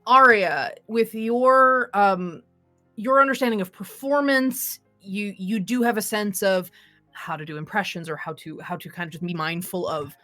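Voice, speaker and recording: A woman's voice: medium pitch, normal speed, sharp tone, faint music behind. A woman narrating a tabletop game as game master, rambling with many fillers and restarts.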